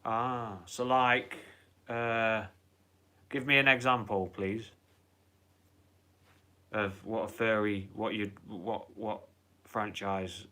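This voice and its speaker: A low-voiced man rambles casually through a live stream, greeting viewers and chatting. His tone has a bright, forward edge. He swears freely and in an easygoing way. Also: steady tone, slow, pauses often.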